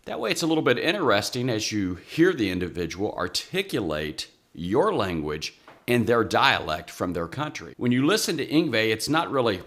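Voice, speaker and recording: A man's voice: lowish voice, big pitch swings, moderate pace, a bit bright. A man, chatting casually and wryly about guitar playing on his own channel. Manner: chatty, self-deprecating, wry. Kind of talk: casual rambling vlog.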